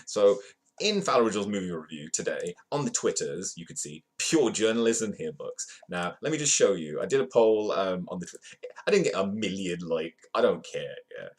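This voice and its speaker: Male streamer hosting an offhand news segment: low, slightly husky voice, playful asides to chat. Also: animated, normal speed. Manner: reads headlines aloud, greets chat viewers, playful. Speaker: livestream host. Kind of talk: casual news read-through with jokey asides.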